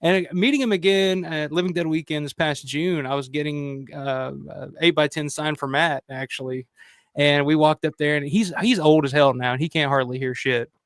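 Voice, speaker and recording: A man's voice: a little high, steady tone, normal speed, clear, resonant tone, no room sound, clean studio sound. A man telling convention stories in a casual, rambling way, full of "you know" and cursing. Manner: acts out the people he quotes. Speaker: roundtable guest. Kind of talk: casual storytelling.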